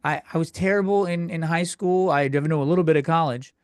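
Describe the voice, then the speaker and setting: Ranting man, higher voice, dry sound. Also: brisk, no echo. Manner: crude, exasperated ranting with frequent self-interruptions. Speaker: podcast host. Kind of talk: solo comedy podcast rant.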